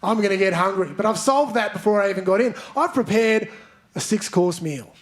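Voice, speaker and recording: A man's voice: high voice, lively intonation, brisk. A man performing stand-up comedy in a theatre, teasing audience members and leading the crowd in chants. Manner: playful, banters with audience members, leads chants. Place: large theatre stage. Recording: live theatre recording with crowd noise. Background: audience laughter.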